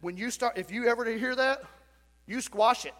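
A man's voice: very high voice, normal speed, fairly bright tone. A male pastor delivering an emphatic sermon, repeating phrases and acting out quotes. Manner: emphatic preaching with repetition, acted-out quotes. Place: church sanctuary. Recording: long church reverb.

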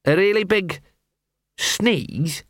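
A man's voice: sits high, animated, drawn-out words, a bit bright, dry recording, studio quality, pitched above the performer's own voice, full character voice. A man doing a scruffy, fussy talking dog. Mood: nervous. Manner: fussy, muttering, fumbles for words. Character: scruffy talking male street dog, grumbling.

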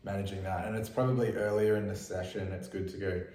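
A man's voice: deep voice, steady tone, fast talker, warm tone. Candid, laid-back man in an echoey room. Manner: candid, swears freely, laughs at own stories. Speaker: podcast host and musician. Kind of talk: casual storytelling chat.

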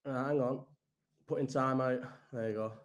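A man's voice: medium pitch, steady tone, normal speed. A young man hosting a casual live-chat stream, rambling, swearing and answering viewers' comments as he goes. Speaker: livestream host.

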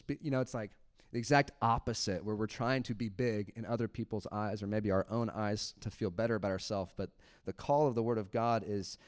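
A man preaching a sermon in church, animated, laughing often and acting out little quotes. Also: fairly low pitch, a little fast. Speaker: pastor.

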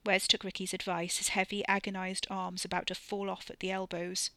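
Bright-voiced woman narrating. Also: medium pitch, completely flat delivery, brisk, dry recording. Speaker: audiobook narrator. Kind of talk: scripted narration.

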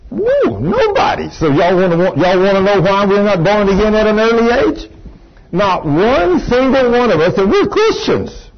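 A man's voice: medium pitch, slightly rough, muffled recording. An older man preaching a sermon in a church, telling a personal story with emphatic exclamations. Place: church room with congregation.

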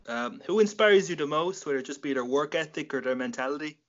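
A man's voice: a little high, lively intonation, fast talker, fairly bright tone, lo-fi sound. A young man with an Irish accent hosting a casual interview, rambling and joking, with a lot of swearing. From Ireland. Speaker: podcast host.

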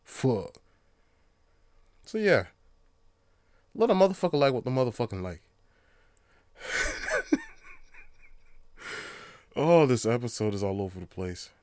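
A man's voice: medium pitch, big pitch swings, fast, few pauses, dark tone, no room sound, clean studio sound. A man hosting a podcast on his own, ranting in a casual, profane, rambling way that often turns heated. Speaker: podcast host. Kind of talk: casual solo podcast rant.

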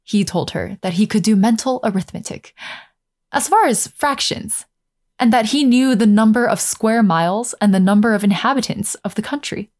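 A woman narrating a fairy tale aloud in a calm, measured way, slowing down over scenic passages. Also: mid-range voice. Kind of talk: storybook narration.

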